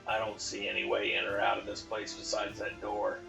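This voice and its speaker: A man's voice: on the low side, completely flat delivery, fairly quick, creaky, music in the background, rough recording. A man playing a tabletop game, stating his actions matter-of-factly. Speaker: player.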